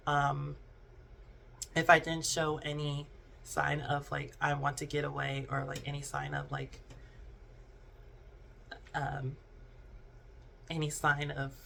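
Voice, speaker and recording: A young adult vlogger telling a personal story in a halting, subdued way, with many restarts and fillers. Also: medium pitch, gravelly, fairly bright tone, a little hiss or hum. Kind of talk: unscripted storytime monologue.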